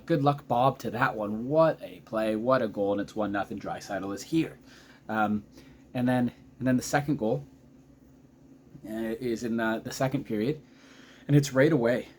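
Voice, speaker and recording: A hockey fan in his thirties recaps a game in a chatty vlog, speaking at an ordinary middle pitch in an unhurried, excitable, rambling way. He often breaks off mid-sentence to hunt for a detail, and a faint hiss runs under the recording.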